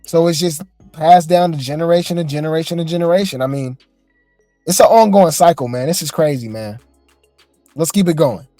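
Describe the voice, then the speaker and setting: A man's voice: on the high side, brisk, dark tone, no echo, soft background music. A male host giving casual commentary in an easygoing, hesitant way. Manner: easygoing, hesitant, many fillers.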